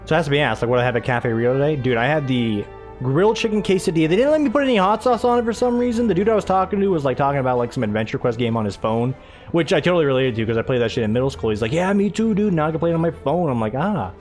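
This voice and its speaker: A man's voice: mid-range voice, very fast, darkish tone, faint music behind. A young American man hosting a let's-play, chatting casually and rambling about his day while he plays, laughing often. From United States. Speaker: gaming channel host.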